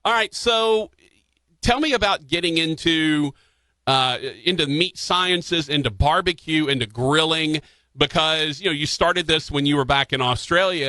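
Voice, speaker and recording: A male radio host with a fairly high, bright voice talks casually into a dry studio microphone. He rambles and restarts his questions, leaning on fillers as he goes. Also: no echo. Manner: chatty, frequent restarts and fillers.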